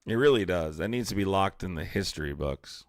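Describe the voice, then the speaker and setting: A man's voice: low-pitched, expressive, fairly quick, dry recording, studio quality. A young man hosting a livestream, reading viewer comments aloud and answering them in a heated, confrontational way. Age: young adult. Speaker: livestream host. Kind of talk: live-stream chat, reacting to viewer comments.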